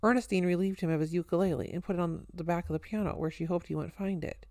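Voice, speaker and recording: A woman narrating a story in an even, wry storytelling manner. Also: lowish voice, quick pace, dry recording. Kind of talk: audiobook narration.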